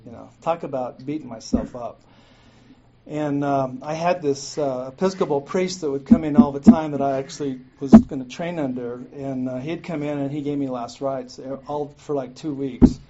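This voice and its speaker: A man's voice: mid-range voice, moderate pace. A middle-aged man telling his own recovery story to a meeting, candid and profane, often laughing at himself. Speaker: guest speaker at a recovery meeting. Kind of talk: personal recovery story told to a group. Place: meeting room. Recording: muffled lo-fi recording with clear noise.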